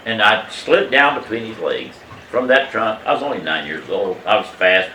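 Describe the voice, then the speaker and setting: A man in his eighties telling a family story from his childhood in a casual, animated way, emphatic and salty, chuckling as he goes. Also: fairly low pitch, fairly quick, slight background noise. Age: 80s. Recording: echoey room, mic at a distance.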